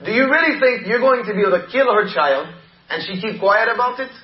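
A man's voice: high voice, animated, fairly quick, reverberant, highs cut off, voice pushed up. A man voicing a scheming male devil who whispers temptations in a coaxing, persuasive way. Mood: menacing.

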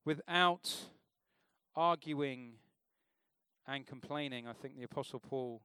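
A man's voice: mid-range voice, takes it slowly, pushed and bright, clear, resonant tone, dry recording, studio quality. A man preaching an informal sermon in a church, talking conversationally and asking the congregation questions.

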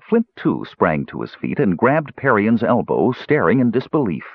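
A man reading a fantasy audiobook with expressive storytelling, in a slightly dull recording. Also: on the low side, moderate pace, husky, dry recording. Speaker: audiobook narrator. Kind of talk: scripted audiobook narration.

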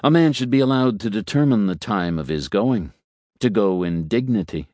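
Male narrator, low voice, measured storytelling, dry close mic. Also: lively intonation, warm tone, no echo. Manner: measured, voices characters in dialogue. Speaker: audiobook narrator. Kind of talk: scripted narration.

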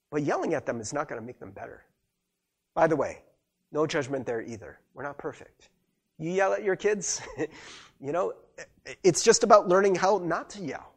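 A middle-aged male pastor gives a chatty sermon with a husky, slightly breathy voice. His pitch sits a bit high for a man and swings widely as he acts out what people say. His manner is animated and conversational.

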